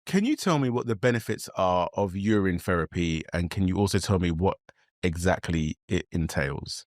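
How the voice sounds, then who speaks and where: A young man, co-hosting a casual podcast, relaxed and joking. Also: sits low, normal speed, dry recording, studio quality. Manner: relaxed, joking, speaks to the phone assistant politely. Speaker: podcast co-host.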